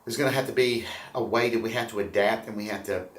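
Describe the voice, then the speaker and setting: A man's voice: lowish voice, fast. A man hosting a local morning show, rambling and upbeat, often repeating words as he talks. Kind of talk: casual local news talk. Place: room at a chamber building. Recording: roomy echo.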